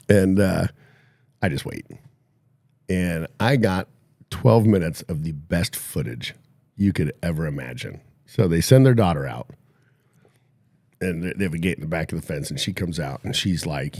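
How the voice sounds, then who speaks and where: A man's voice: low-pitched, darkish tone, no room sound, studio quality. A man hosting a podcast, telling a long story in a boastful, mocking way and laughing at his own jokes. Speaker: podcast host. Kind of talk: casual storytelling chat.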